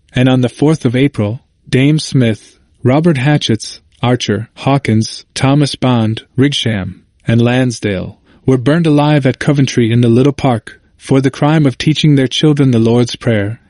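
A man narrating a history book as an audiobook in a measured, even reading. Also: medium pitch, no room sound, studio quality.

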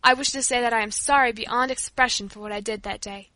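Storybook father, middle-aged man, earnest and measured, read by a woman, high bright tone. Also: fairly even intonation, no room sound.

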